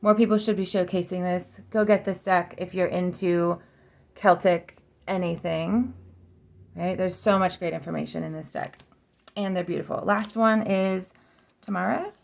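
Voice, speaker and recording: Woman, casual vlogger. Lowish, gravelly voice, chatty, repeats words carefully to get the sound right. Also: fairly even intonation. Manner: chatty, practicing name pronunciations slowly and repeatedly. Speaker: oracle deck reviewer. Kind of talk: casual flip-through vlog.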